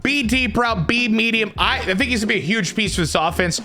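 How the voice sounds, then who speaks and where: A man commenting on his own video game play, excitable and dramatic, swinging from shouts to groans. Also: high-pitched, fairly quick, soft background music. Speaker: gaming YouTuber.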